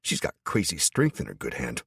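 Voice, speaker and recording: A man's voice: extremely low pitch, huge pitch swings, a little fast, gravelly, fairly bright tone, slightly rough, no room sound, clean studio sound. A man narrating a first-person audiobook in a tense, wry manner.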